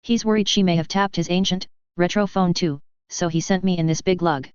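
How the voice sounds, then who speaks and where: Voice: medium pitch, steady tone, brisk, clear, resonant tone, dry recording, highs cut off, natural voice. A narrator doing a sardonic spirit cat with a TV British accent. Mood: grumbling. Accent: put-on TV British. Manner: sardonic, grumbling, flirty. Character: cocky male spirit possessing a house cat.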